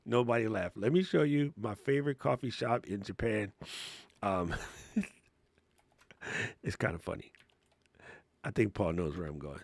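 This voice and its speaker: Gravelly, excitable slangy man. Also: fairly low pitch, dry recording. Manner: excitable, slangy, laughs often. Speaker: livestream host. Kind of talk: casual live Q&A chat.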